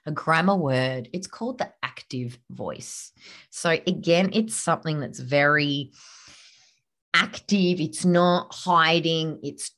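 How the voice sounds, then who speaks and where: A woman's voice: sits low, fairly bright tone. A woman hosting a podcast, coaching listeners on copywriting in a punchy, emphatic, casual way. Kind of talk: casual teaching monologue.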